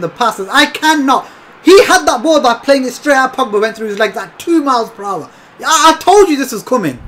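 Game commentator, frustrated and foul-mouthed, very animated delivery. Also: mid-range voice, slight background noise. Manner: exasperated, swears a lot, talks to viewers as lads. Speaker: gaming commentator. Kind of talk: live gameplay commentary.

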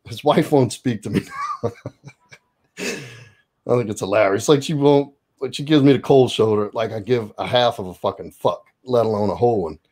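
A man in a relaxed sit-down chat, telling an anecdote with lots of swearing and lively energy. His voice sits at an ordinary middle pitch for a man. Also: normal speed. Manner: profane, animated storyteller. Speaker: guest. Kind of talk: casual chat.

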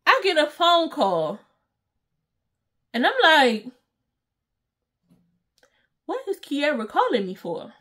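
Lively high-voiced woman telling a story. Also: takes it slowly, long pauses. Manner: animated, acts out quotes with exclamations and slang. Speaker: storytime vlogger. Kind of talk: casual storytelling.

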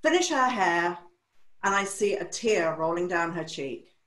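Older english lady telling salon stories, super animated, does everyone's voices. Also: on the low side, unhurried, reverberant, poor audio. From England. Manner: animated storyteller, acting out quoted voices. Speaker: hairdresser and educator. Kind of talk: storytelling in a podcast interview.

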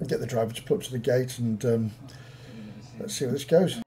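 A man's voice: mid-range voice, fairly quick, dark tone, faint music behind. A man playing in a tabletop game over an online call, speaking with genteel, old-fashioned politeness. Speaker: player. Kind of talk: in-character tabletop play.

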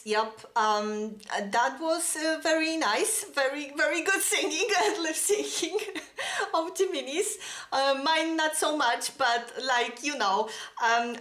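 A woman with a high voice gushes and giggles through a fan reaction vlog, breathless and full of exclamations. She talks at an unhurried pace in an echoey room, with faint music playing behind her. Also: a bit bright. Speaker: vlogger reacting to a music video.

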